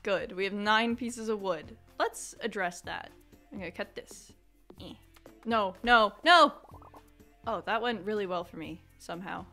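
Brief: young female gamer, bright tone, dramatic excitable commentary with loud outbursts, desk mic. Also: medium pitch, normal speed, soft background music. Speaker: gaming YouTuber. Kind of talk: casual let's-play commentary.

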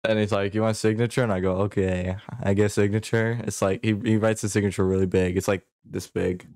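A man's voice: on the low side, flat delivery, brisk, darkish tone, no room sound. A man hosting a podcast in casual chat, telling stories in a playful way and laughing often. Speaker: podcast host.

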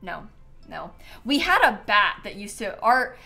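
A young woman from Florida streams a game and chats casually as she plays, rambling and laughing a lot. Her medium-pitched voice is very animated, creaky, pushed, and bright at a measured pace, with faint music in the background.

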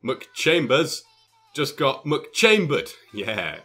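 Excitable young gaming commentator. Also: male voice, mid-range voice, drawn-out words, husky, faint music behind. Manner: excitable, jokey, exclaiming often. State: out of breath. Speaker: gaming YouTuber. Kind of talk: gameplay commentary.

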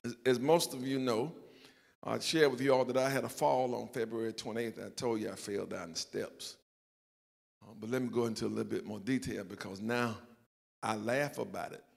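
A man's voice: mid-range voice, fairly even intonation, normal speed, gravelly, big-room sound. An older man, a pastor with a Southern US accent, telling a self-mocking personal story in a sermon and acting out the quotes. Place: church sanctuary.

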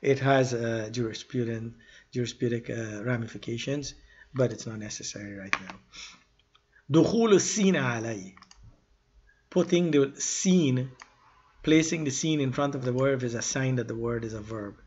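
A man teaching an Arabic grammar lesson in an informal style, reading verses quickly and then explaining them slowly with pauses and self-corrections. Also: mid-range voice, a little mellow, slightly rough, lo-fi sound.

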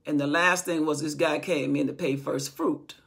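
Raspy, gravelly woman retelling Bible stories. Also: deep voice, steady tone, normal speed. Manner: retells from memory, acting out quoted speech. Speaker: Bible teacher. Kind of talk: informal Bible storytelling.

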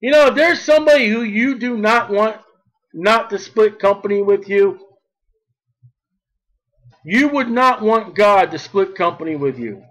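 High-voiced slow preaching man. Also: lively intonation, a bit bright, low-quality recording. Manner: emphatic, drawing out key words. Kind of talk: sermon.

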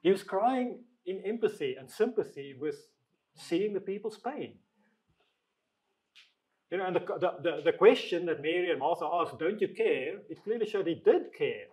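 A man leading a group Bible discussion in a conversational way, reading scripture aloud slowly and asking the group questions. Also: high voice, animated, darkish tone, rough recording. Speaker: Bible study leader.

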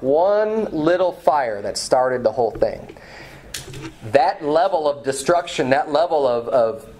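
A pastor preaching a sermon in church, reading scripture aloud with some restarts and fillers. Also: male voice, fairly high pitch, a little mellow, slight background noise. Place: church sanctuary.

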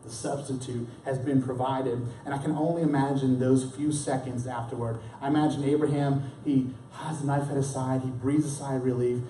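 A man's voice: medium pitch, fairly even intonation, moderate pace, few pauses, mellow, slight background noise. A man preaching a sermon in a conversational way, often restarting his words and acting out the lines of the story. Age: young adult or middle-aged. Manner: conversational, with many restarts and dramatic acted quotes. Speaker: pastor. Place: church. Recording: roomy church hall, mic at a distance.

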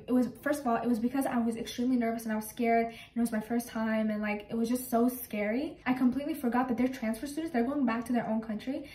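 A young woman chats quickly and with animation, venting about her old job. Her voice sits a little high and sounds as if it comes from a few feet away. The room around her rings with echo. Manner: animated, exasperated retelling of work stories. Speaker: vlogger. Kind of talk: casual storytelling. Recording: echoey room, mic at a distance.

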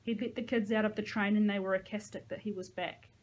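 A teacher reads a novel aloud to her class in a medium-pitched woman's voice. She keeps the narration plain and drops casual asides to the kids. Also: steady tone, fast, poor audio.

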